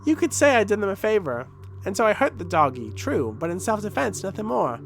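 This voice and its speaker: A defiant little boy with a sly streak and a whiny, pleading edge, as a man puts him on while reading game lines. The voice sits high and bounces around animatedly. He sounds evasive, always talking his way out of trouble. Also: very animated, brisk, creaky, faint music behind, exaggerated voice. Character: cocky young boy, defensive double agent.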